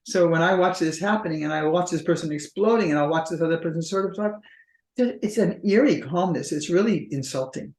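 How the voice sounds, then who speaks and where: Fairly quick and a little mellow, her lowish voice carries through an echoey recording as she, a couples therapist, explains patterns conversationally and plays out partners' remarks.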